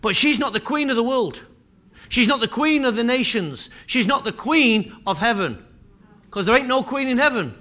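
A man's voice: very high voice, lively intonation, moderate pace, pushed and bright. A man preaching a sermon with impassioned, repetitive delivery that swells and drops in intensity.

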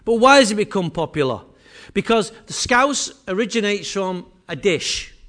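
Mancunian man with a high voice, talking to a small room, casual and teasing. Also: lively intonation, normal speed, a bit bright. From Manchester, England. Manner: chatty, teasing, addresses audience directly. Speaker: presenter. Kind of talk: jokey live presentation to a room. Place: meeting room with small audience.

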